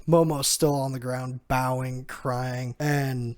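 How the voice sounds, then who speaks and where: A man's voice: medium pitch, level tone, slow. A man casually retelling a comic chapter, acting out the characters' lines and chuckling often. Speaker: manga chapter reviewer. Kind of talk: casual recap with acted-out quotes.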